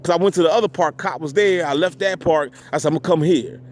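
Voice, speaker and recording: A man's voice: fairly high pitch, quick pace, slight background noise. A man talking outdoors in a rambling, profane monologue, heavy on street slang and "you know what I'm saying.". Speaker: vlogger. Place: outdoors at a park parking area.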